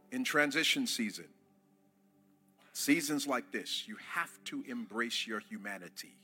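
Man preaching to a congregation, very bright tense tone, husky, faint music under. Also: mid-range voice, sing-song, moderate pace. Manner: impassioned, rising to shouts, calls on the congregation. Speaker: pastor. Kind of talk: sermon. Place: church before a congregation.

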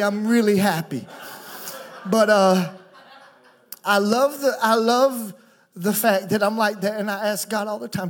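A man preaching as a guest pastor at a church, talking fast, emotional and effusive. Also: high voice. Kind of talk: sermon. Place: church stage.

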